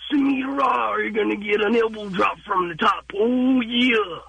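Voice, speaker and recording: A man's voice: high voice, moderate pace, gravelly, highs cut off, background noise. A man calling in to a radio show, confident and hammy as he does a wrestler impression. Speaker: caller.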